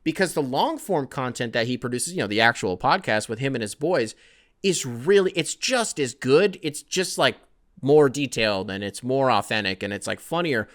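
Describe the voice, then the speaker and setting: A man's voice: medium pitch, lively intonation, normal speed, fairly bright tone. A male podcast host in easygoing conversational mode, reading and answering listener mail. He drifts from one thought to the next with a scattered, rambling delivery. His talk is casual and peppered with profanity. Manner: loose, rambling and profane, self-described scatterbrained.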